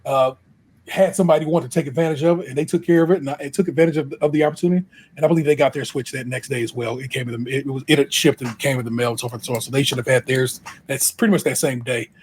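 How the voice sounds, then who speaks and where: A young man hosting a podcast, retelling a frustrating episode in an animated, exasperated casual way. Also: a little high, breathy edge. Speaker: podcast host. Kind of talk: casual storytelling chat.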